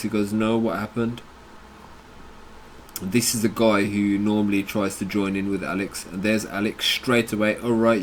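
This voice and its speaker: A British man with a lowish voice hosts a crypto channel, ranting bluntly and combatively about an argument in the chat and swearing plenty. There's slight background noise behind him.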